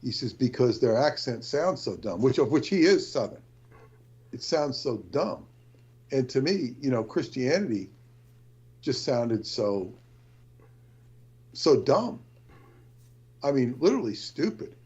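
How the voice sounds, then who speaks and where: A man's voice: mid-range voice, very animated, slow, pauses often, a little mellow, husky, dull audio. A man talking in a casual conversation, rambling and hesitant, often restarting his sentences.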